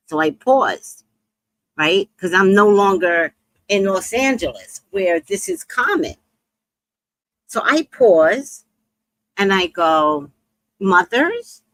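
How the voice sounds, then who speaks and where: A middle-aged woman casually telling a story about her shop, animated and swooping high when she acts out other people. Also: slow, long pauses, no room sound.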